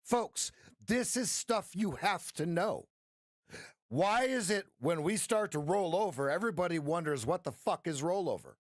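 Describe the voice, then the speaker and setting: Blunt, swearing trading coach on a live stream. Man, animated pitch, dry close sound. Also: normal speed, no echo. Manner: blunt, passionate, profane.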